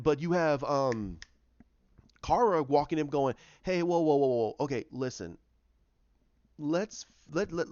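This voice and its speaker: A man's voice: fairly high pitch, a little mellow, dry recording, dull audio. A man talking casually and with strong opinions about TV shows, often repeating himself as he goes. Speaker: TV show reviewer.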